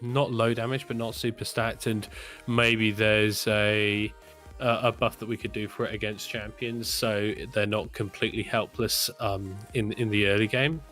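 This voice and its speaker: A man co-hosting a casual podcast chat, speaking hesitantly with many pauses and restarts. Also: lowish voice, little pitch movement, a bit bright, faint music behind. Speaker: podcast co-host. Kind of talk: casual game design chat.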